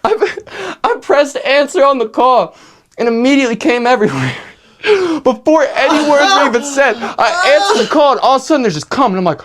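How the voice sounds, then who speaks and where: Animated young man telling a rambling story. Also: extremely high pitch, fairly quick. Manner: rambling, animated, swears freely, many fillers like "right?". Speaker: podcast host. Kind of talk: casual storytelling chat.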